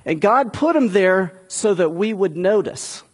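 A man's voice: sits high, animated, unhurried, husky. A man preaching a sermon in a conversational way, building to emphatic peaks. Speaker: pastor.

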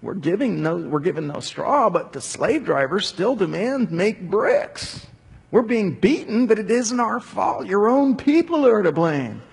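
Man voicing a desperate foreman, loud, high, reverberant room. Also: very animated, unhurried, gravelly, breathy edge, exaggerated voice. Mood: pleading. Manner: pleading then cursing. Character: desperate angry male slave foreman. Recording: long hall reverb.

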